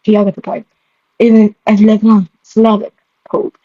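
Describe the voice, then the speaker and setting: A woman's voice: medium pitch, little pitch movement, slow pace, mellow, breathy edge, dry recording. A young woman reading her old stories aloud and reacting, giggling at herself and stumbling over words. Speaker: vlogger. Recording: dull lo-fi mic.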